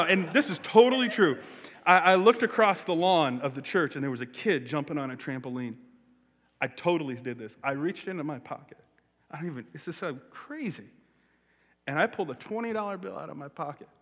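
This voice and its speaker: Animated man preaching in a reverberant hall. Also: a little high, normal speed. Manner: animated storyteller acting out quoted voices. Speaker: pastor. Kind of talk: sermon storytelling. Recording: long reverb of a large hall.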